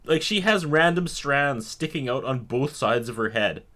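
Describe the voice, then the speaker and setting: A man's voice: medium pitch, normal speed. A man co-hosting a podcast in casual chat, joking and laughing often. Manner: animated, laughs often, jokey. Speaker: podcast co-host.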